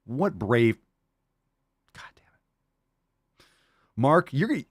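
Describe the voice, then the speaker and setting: A man hosting a casual solo podcast, reading out fan posts with loud, jokey, profane energy. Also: medium pitch, big pitch swings, slow pace, husky, no room sound, studio quality. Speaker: podcast host.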